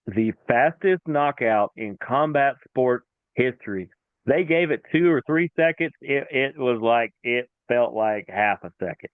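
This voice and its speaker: A man hosting a combat sports show, retelling a fight in a casual, animated way and acting out what the referee said. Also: mid-range voice, unhurried, no echo, narrow, tinny audio. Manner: animated storytelling, acts out the referee. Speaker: podcast host.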